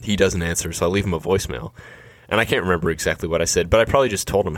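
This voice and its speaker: A man's voice: low voice, very fast, no echo. A man in his thirties, a nonprofit fundraiser, telling a story in a conversational, self-deprecating way. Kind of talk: anecdotal storytelling.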